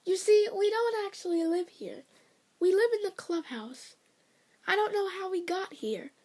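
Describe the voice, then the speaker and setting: A woman voicing a worried, sweet young cartoon mouse girl in a fan-made storybook reading, speaking in a high, anxious, pleading way. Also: lively intonation, a little slow, a little mellow.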